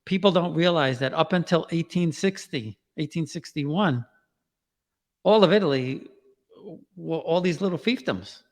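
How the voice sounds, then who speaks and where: A chatty man with a New York accent and a slightly high voice tells family stories as an interview guest. He doubles back on his words, laughs easily, and his voice trails into a long hall reverb. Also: measured pace. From Queens, New York. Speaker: guest, genealogy author and podcaster. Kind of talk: casual interview chat.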